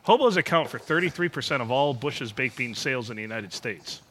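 A man's voice: medium pitch, slight background noise. A man co-hosting a podcast, chatting casually and joking around with frequent laughter. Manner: joking, animated, quick to laugh. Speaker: podcast co-host.

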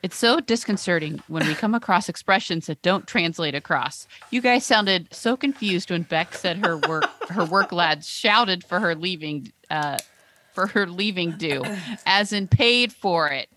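A woman's voice: fairly low pitch, lively intonation, a little slow, bright, forceful tone, a little hiss or hum. Teasing woman reading listener mail. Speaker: podcast co-host. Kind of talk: casual chat, reading listener messages aloud.

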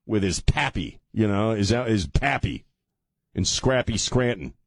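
A man's voice: fairly low pitch, animated, a little slow, slightly rough, no echo. Sarcastic male radio host, mocking delivery, very dry studio mic. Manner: mocking, sarcastic, laughs at his own jokes. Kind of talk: sarcastic political commentary.

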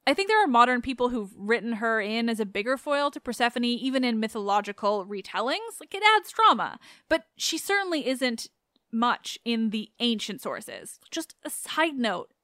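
A woman's voice: a little high, very animated, moderate pace, fairly bright tone, no echo, clean studio sound. A woman hosting a podcast in a chatty, sarcastic way, swearing freely as she talks. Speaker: podcast host. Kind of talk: casual podcast narration.

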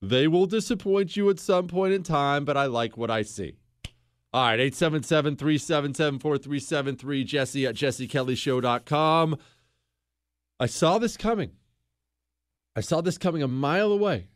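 A man runs a political radio monologue in a sarcastic, scolding tone and sometimes shouts to make a point. His voice sits fairly high for a man. The studio sound is dry and close, with no room around it. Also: animated, moderate pace, no room sound. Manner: combative, sarcastic, shouts for emphasis. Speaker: radio talk show host.

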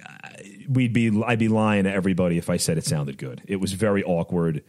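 A man with a low voice tells music-business stories in a relaxed interview. He moves quickly and gets animated, lifting his voice when he quotes his own surprise. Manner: animated, quotes himself with raised voice. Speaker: music industry guest. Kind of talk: casual storytelling interview.

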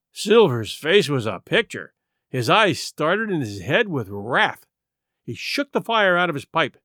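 A man reads an adventure story aloud in a theatrical, expressive way, his fairly high voice rising and falling freely. The recording is close and dry, with no room sound. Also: measured pace, no room sound. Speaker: narrator. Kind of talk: scripted audiobook narration.

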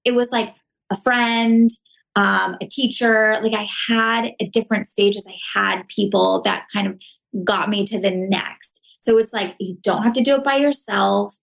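A woman talking slowly and earnestly in an unhurried podcast chat. Her words come reflective and full of fillers, at a mid pitch. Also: steady tone, vocal fry, poor audio. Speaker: podcast guest. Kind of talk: casual conversation.

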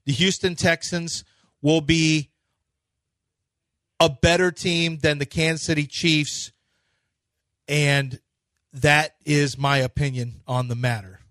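A man hosting sports radio, making brash, boastful predictions in loud banter. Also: on the high side, steady tone, slow, long pauses, no room sound.

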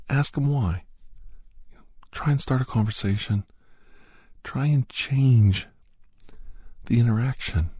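A man speaking soft, repetitive, earnest self-affirmations in a breathy, half-whispered voice. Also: medium pitch, no echo, studio quality.

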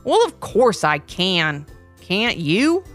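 Storybook role: woman voicing a sassy old basset hound, bitter and grumbling, lively pitch. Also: slow, soft background music. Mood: grumpy.

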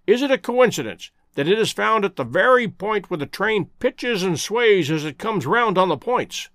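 A man voicing a keen, brilliant male detective who reasons aloud in brisk steps. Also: high-pitched, fairly bright tone, dry recording, studio quality, heavily acted.

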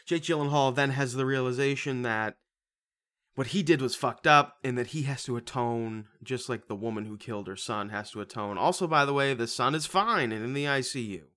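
A man's voice: mid-range voice, normal speed. A man co-hosting a casual podcast, animatedly recapping a movie plot and laughing often. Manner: animated storytelling, breaks into laughter. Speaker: podcast co-host.

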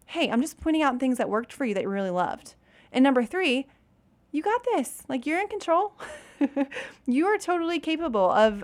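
A woman in her thirties who is a mother, giving casual, chatty parenting advice straight to her viewers, often laughing and saying "you guys". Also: high-pitched.

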